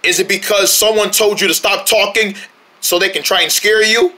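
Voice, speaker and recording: A man voicing an excitable young male cartoon deer who shouts and complains at everyone. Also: high voice. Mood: indignant. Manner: shouty, indignant, quick to complain. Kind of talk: cartoon voice acting.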